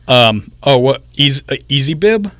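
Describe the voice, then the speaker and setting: Young male radio co-host, mid pitch, dry close studio sound, explains patiently. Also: animated, moderate pace, a bit bright, no room sound. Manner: explains things step by step. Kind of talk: casual chat. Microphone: headphones and studio microphone.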